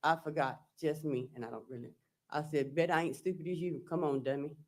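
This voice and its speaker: Her voice is deep and her tone steady as she testifies in court as a defendant. She reads text messages aloud slowly, haltingly, and plainly, relaying each exchange with "I said" and "he said."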